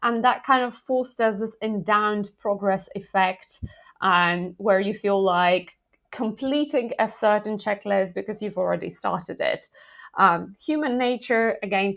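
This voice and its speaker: A woman hosting an explainer video, talking in a lively, conversational way with frequent fillers and light self-aware asides. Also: mid-range voice. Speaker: product marketing video host. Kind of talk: explainer video talk to camera.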